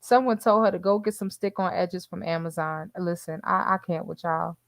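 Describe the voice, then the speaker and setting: A woman's voice: lowish voice, steady tone, moderate pace, vocal fry, no room sound. Chatty woman hosting a livestream. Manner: chatty, laughs often, addresses viewers as y'all. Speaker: livestream host reading the chat. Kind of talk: casual livestream chat.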